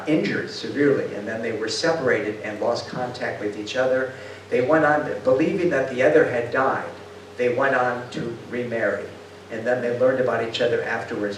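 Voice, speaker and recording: An older man giving a storytelling talk to an audience, a lively speaker who acts out quotes and puts questions to the room. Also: mid-range voice, slight background noise. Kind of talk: storytelling lecture. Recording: roomy hall sound from far off.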